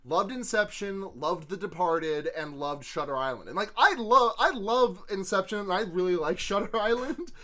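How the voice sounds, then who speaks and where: A woman's voice: medium pitch, lively intonation, normal speed, few pauses, a bit bright. A woman hosting a podcast in casual chat, rambling with many restarts and fillers. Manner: rambling, stammering restarts, lots of "like". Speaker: podcast host.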